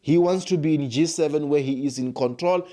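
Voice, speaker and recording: On the high side and mellow, the man's voice moves fairly quickly. He's from South Africa, giving a forceful political commentary to camera that piles on rhetorical questions and repeated phrases.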